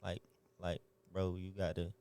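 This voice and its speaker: A man's voice: low-pitched, monotone, measured pace, dark tone, smooth, dry recording. A young man from Atlanta with an Atlanta accent, a rapper giving laid-back, slangy answers in an interview. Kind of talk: casual interview chat.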